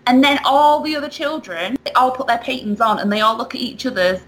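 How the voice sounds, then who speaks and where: A woman telling a story in casual chat, animated and laughing often. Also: high-pitched, a little fast, rough recording.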